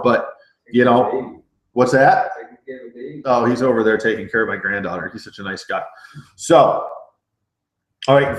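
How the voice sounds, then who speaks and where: A middle-aged man leads a live sales training, talking with energy and tossing in frequent "okay?" checks. He stumbles and repeats words as he goes, and his voice has an average pitch. The recording has a noticeably roomy echo. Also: a little hiss or hum. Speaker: network marketing trainer.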